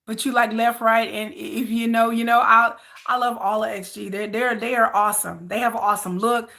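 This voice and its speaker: Bright-voiced woman chatting on a stream. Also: fairly high pitch, gravelly. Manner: rambling, repeats herself, reads out viewer comments. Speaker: vlogger. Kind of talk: casual livestream chat.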